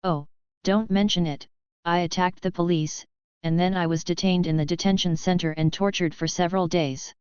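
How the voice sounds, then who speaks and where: A man's voice: high-pitched, steady tone, moderate pace, smooth, no room sound, lightly acted. A woman voicing a nervous, fawning young crook who grovels and swears, in a dull lo-fi audiobook recording. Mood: flustered.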